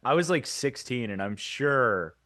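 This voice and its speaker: A man's voice: mid-range voice, lively intonation, a little slow, sharp tone, no echo. A young man co-hosting a comedy podcast, rambling through stories and laughing at his own jokes. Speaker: podcast co-host. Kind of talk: casual comedic chat.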